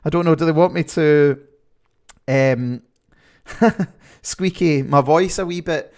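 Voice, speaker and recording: Man, Scottish accent, slightly higher voice, casual live-stream host, chatty, answers viewer comments. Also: takes it slowly, darkish tone. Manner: chatty, reads viewer comments aloud, repeats himself. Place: indoors, seated.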